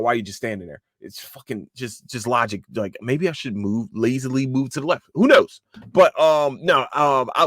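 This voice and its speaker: A man hosting a casual solo podcast, excitable, swearing often and restarting his sentences with lots of fillers. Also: mid-range voice, no room sound, studio quality. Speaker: podcast host.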